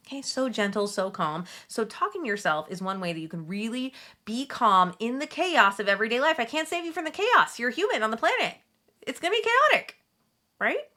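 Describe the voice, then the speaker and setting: A woman in her thirties, a Catholic mom coach, talking straight to her viewers in a chatty, gently soothing way. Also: medium pitch, animated, moderate pace. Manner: warm, chatty, gently soothing self-talk asides. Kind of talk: direct-to-camera advice talk.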